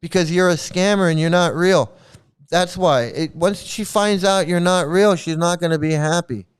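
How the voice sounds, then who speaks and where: A man's voice: high voice, moderate pace, clear, resonant tone. A man hosting his own commentary channel, ranting and mocking with lots of repetition and swearing.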